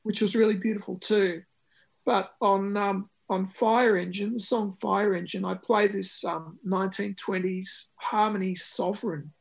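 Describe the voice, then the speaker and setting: A man's voice: high voice, fairly even intonation, unhurried, creaky. A man, a musician talking about his record in an interview, with many ums and restarts. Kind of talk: conversational interview.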